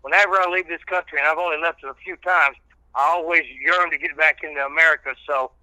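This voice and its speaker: A man, chatting casually as a guest on a podcast, folksy and halting with many fillers. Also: a little high, steady tone, pushed and bright, dry recording, rough recording. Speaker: radio host and guest.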